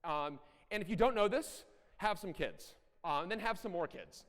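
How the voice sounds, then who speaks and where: A middle-aged man giving a conference talk, animated and blunt, with self-deprecating asides and occasional profanity. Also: high voice, normal speed. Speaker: conference speaker. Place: large conference hall. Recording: echoey hall.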